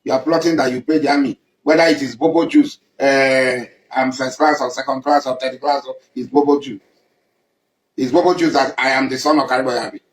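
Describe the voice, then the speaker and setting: A man's voice: medium pitch, steady tone, a little fast. A man with a Nigerian accent, making an impassioned public address, accusing and emphatic, repeating his points. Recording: echoey room.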